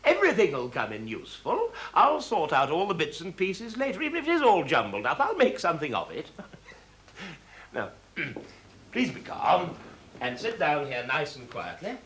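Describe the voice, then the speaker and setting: An actor playing a brisk, practical stage director who calms the people around him, in a 1970s televised stage drama. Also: male voice, a little high. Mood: placating. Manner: brisk and placating. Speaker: theatre producer.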